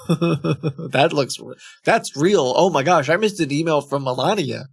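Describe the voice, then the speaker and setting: Guy streamer reading scam emails out loud, kinda gravelly creaky voice, keeps chuckling and rambling, dry sound. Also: a little high, a little slow, no room sound. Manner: amused, chuckling, rambling asides.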